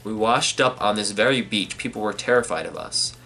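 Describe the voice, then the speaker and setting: Dude with a lowish bright voice doing a live reaction, thinking out loud, cussing a bit, faint music behind. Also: male voice, a little fast. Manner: thinks aloud while reading, swears, many fillers. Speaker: manga reaction channel host. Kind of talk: casual live reading and reaction.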